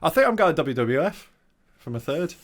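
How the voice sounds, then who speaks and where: A man's voice: fairly high pitch, sing-song, moderate pace. A man, co-hosting a comedy podcast, arguing his points and needling his friend with dry sarcasm. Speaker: podcast co-host. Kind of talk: casual comedic banter.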